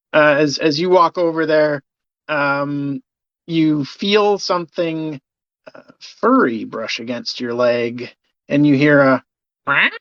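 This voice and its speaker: Slow, hesitant game master, dull dry sound. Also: medium pitch, no echo. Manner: hesitant, many "um"s and "uh"s. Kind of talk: narrating a tabletop game.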